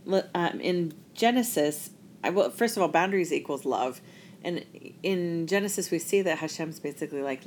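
A woman's voice: fairly low pitch, animated, moderate pace, darkish tone, a little hiss or hum. A woman sharing a weekly Torah reflection in a casual, chatty way, drawing on her experience as a parent. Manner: reflective, chatty, with laughs and restarts. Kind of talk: casual talk.

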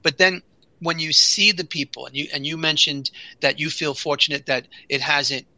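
A man hosting a podcast, asking long, halting questions with repeated words. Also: fairly high pitch, fairly even intonation, pushed and bright, no echo, poor audio. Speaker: podcast host. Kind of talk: interview questions.

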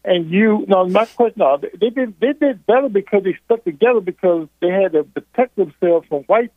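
Southern-accented male caller, high voice, tinny phone line, pushy and repetitive. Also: expressive, a little fast, no room sound. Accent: Southern American. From Virginia. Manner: insistent, repeats himself to hold the floor. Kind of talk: heated phone call.

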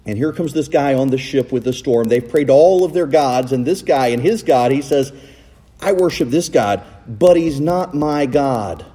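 A man preaching a sermon in a church, recorded on a cell phone, with animated delivery and rhetorical questions. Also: medium pitch, moderate pace, husky, in a large hall. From United States. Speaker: pastor. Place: church sanctuary.

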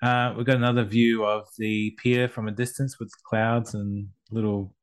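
A man co-judging a photo competition on a podcast, describing pictures in an easygoing way with many pauses and fillers. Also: lowish voice, little pitch movement. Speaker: co-judge. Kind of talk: casual chat.

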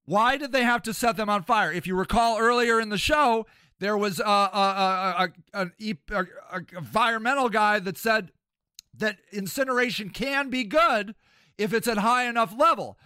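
A male host gives blunt, sarcastic reaction commentary, picking apart what he hears. His voice is high and bright. The close mic sounds dry. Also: normal speed, clear, resonant tone, no echo.

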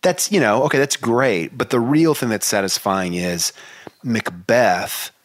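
A man's voice: medium pitch, a little slow, no room sound. A man co-hosting a casual book discussion, chatty and enthusiastic. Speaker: podcast co-host.

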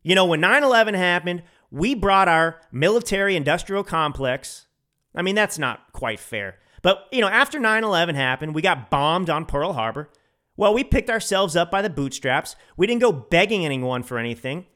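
Emphatic man with a lively voice. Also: high-pitched, moderate pace. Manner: emphatic, opinionated, repeats phrases for stress. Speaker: podcast host. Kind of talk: solo political commentary.

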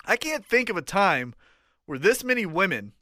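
A man's voice: high-pitched, sing-song, normal speed, pushed and bright, no room sound, studio quality. A man co-hosting a casual wrestling podcast chat, teasing and laid-back, with some swearing. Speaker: podcast co-host.

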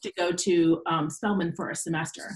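A woman's voice: fairly quick, a little hiss or hum, low-quality recording. A woman in her forties, an educator, telling stories casually in an interview and acting out quoted voices. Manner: animated storyteller, acts out quoted voices in a higher pitch. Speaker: podcast guest, educator.

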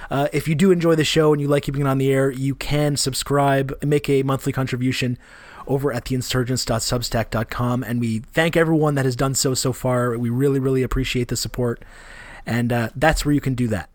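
A man with a Canadian accent co-hosting a podcast, talking in a relaxed, rambling way with fillers and restarts. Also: mid-range voice, brisk, no echo. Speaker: podcast co-host. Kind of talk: casual podcast chat.

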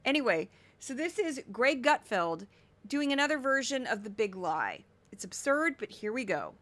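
Animated, sarcastic woman podcaster. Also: a little high, moderate pace, no echo. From Missouri. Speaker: podcast host. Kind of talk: solo commentary podcast.

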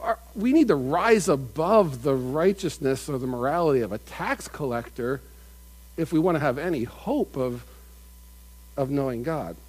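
A man's voice: on the high side, expressive, normal speed, breathy edge, rough recording. A man preaching a conversational sermon, often repeating and restarting his phrases. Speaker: pastor.

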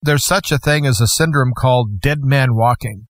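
A man's voice: mid-range voice, moderate pace, no echo. A middle-aged man, a guest host, telling a personal testimony in a plainspoken, conversational way with folksy asides.

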